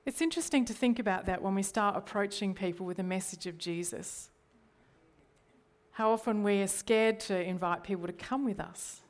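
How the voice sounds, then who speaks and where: A middle-aged Australian woman preaches a sermon as a church leader. Her voice sits at an ordinary pitch for a woman, and she speaks earnestly. She often checks in with the congregation through rhetorical questions. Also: normal speed.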